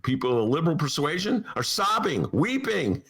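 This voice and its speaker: Studio talk host, male, raspy low voice, swings all over in pitch, wry. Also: a little slow, pauses often. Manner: wry, animated, full of asides. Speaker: podcast host. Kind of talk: casual political talk. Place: radio studio.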